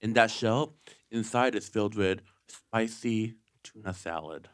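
A man's voice: lowish voice, measured pace. A man guesting on a podcast, describing food in eager, detailed terms in a casual chat. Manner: enthusiastic, descriptive food critique.

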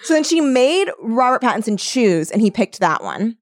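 A woman co-host who chats in a mocking, offhand way and swears casually. Her pitch moves a lot from line to line. The recording is dry and close-miked. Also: big pitch swings, moderate pace, no echo. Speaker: podcast co-host. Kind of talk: casual chat.

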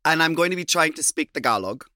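Bright-voiced chatty male podcast host. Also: on the high side, fast talker, no room sound, clean studio sound. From USA, Minnesota. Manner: chatty, laughs often, animated asides. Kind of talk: casual chat.

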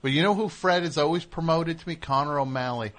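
A man hosting a comedic call-in show, teasing guests and callers with rapid-fire riffs. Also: fairly high pitch, noisy background. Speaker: radio show host.

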